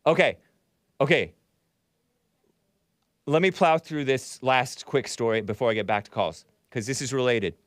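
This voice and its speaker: A man's voice: medium pitch, a little slow, long pauses, no echo, studio quality. A male show host giving rambling, sarcastic commentary, chuckling between remarks as he reads from a chat.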